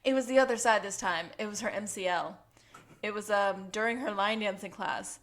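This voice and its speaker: A woman's voice: mid-range voice, a bit bright. A young woman co-hosting a podcast, chatting casually about an episode and laughing often. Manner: giggly, quick to laugh. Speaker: podcast co-host. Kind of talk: casual recap chat.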